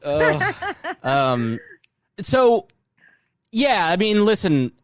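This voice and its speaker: A man co-hosting a podcast in casual chat, rambling and animated, swearing freely. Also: high voice, very slow, smooth, no room sound, clean studio sound. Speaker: podcast co-host.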